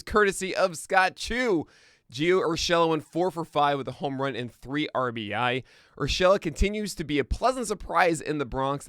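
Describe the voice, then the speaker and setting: Chatty and quick to laugh at his own jokes, a self-deprecating US host streams his morning podcast live from a home studio, talking casually with his audience and then covering the day's news. His voice is fairly high and a bit bright. The studio-quality sound has no echo.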